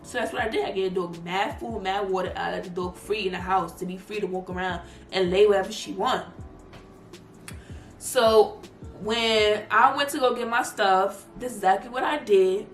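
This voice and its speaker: A woman's voice: mid-range voice, normal speed. A young woman vlogger telling a heated story, switching to squealed impressions of other people as she tells it. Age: young adult. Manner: animated, heated retelling with squealed imitations of others. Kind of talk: storytime vlog. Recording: echoey room, music underneath.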